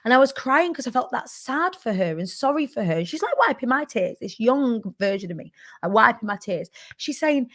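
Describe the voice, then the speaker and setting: A woman hosts her own show and tells a personal story straight to her listeners. She talks in a candid, animated way, dropping "like" and "right?" all through and swearing freely. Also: fairly high pitch, fairly quick, hardly any pauses. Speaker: host.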